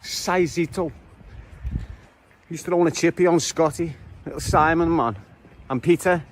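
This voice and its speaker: Strolling through Liverpool, a local man banters cheekily with his viewers in street-vlog fashion. His voice sits a little high, steady and unhurried, with a bit of hiss or hum in the recording.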